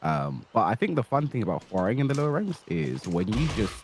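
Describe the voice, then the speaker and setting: Male coach, deep and animated, easygoing, faint hiss on the line. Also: a little fast, breathy edge. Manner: easygoing, hesitant, many fillers. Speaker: fighting game coach. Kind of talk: casual coaching call. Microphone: voice call.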